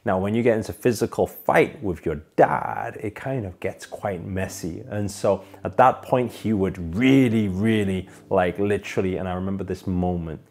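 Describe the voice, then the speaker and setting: A man earnestly recounts a personal story as a monologue, climbing to emphatic peaks before sinking low and soft. His voice is creaky, his pace moderate, and he barely pauses.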